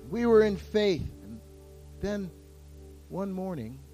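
A pastor delivers an impassioned sermon in a high, lifted voice. He drops to near-whispers before surging back to full force, and soft music plays faintly beneath his words. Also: sing-song, takes it slowly. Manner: impassioned preaching, swinging from hushed to loud.

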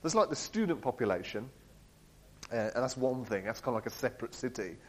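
Animated man telling a story. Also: mid-range voice, fairly quick, low-quality recording. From England. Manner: animated, laughs often, acts out quoted voices. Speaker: speaker sharing a personal testimony. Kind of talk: storytelling talk.

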